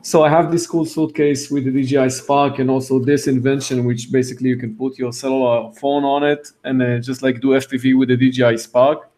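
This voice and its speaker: A man's voice: mid-range voice, flat delivery, fairly quick, few pauses, darkish tone. A man whose first language is not English, joining a live chat as a guest and talking in a friendly, hesitant way with many fillers.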